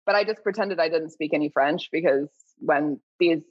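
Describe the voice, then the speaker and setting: A woman's voice: sits low, moderate pace, no room sound. A woman guest telling stories in casual interview chat, in a chatty, self-deprecating way. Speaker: guest, food writer. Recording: dull, dry lo-fi sound.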